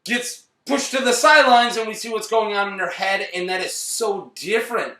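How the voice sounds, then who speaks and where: Excitable high-voiced man, far from mic. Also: normal speed. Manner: excitable, rambling, self-interrupting. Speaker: movie reviewer host. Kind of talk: casual review chat. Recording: roomy, distant mic.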